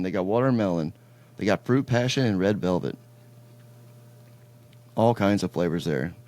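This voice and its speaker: A man hosting a casual chat podcast, his voice sitting on the low side. He talks in a relaxed, storytelling way and drops the odd curse. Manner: laid-back storytelling, swears casually. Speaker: podcast host.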